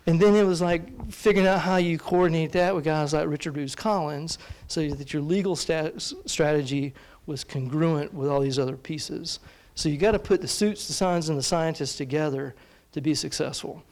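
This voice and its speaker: A man's voice: fairly high pitch, moderate pace, darkish tone. A man with a Southern US accent, speaking on a panel in a casual, emphatic way. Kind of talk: casual talk at a symposium.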